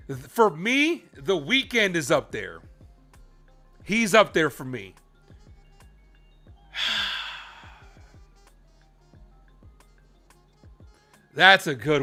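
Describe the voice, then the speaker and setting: A man hosting a live baseball stream, chatting casually with viewers while calling the pitches in an animated way. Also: takes it slowly, long pauses, faint music behind. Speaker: live play-by-play streamer and host.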